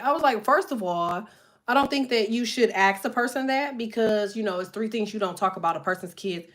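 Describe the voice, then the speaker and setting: A woman's voice: medium pitch, a little fast, fairly bright tone. A woman vlogger talking casually to her followers in a profane, rambling way, with plenty of "like" fillers.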